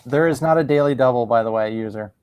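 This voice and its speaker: A man's voice: mid-range voice, fast talker, smooth, dry recording, lo-fi sound. A man joking around as a contestant in a casual trivia game, self-deprecating and chatty. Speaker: podcast host, contestant.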